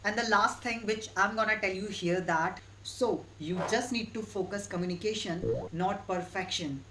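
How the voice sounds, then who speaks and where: Woman, English teacher, steady instructive delivery, repeats key points, noisy recording. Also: medium pitch, normal speed. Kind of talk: online English lesson.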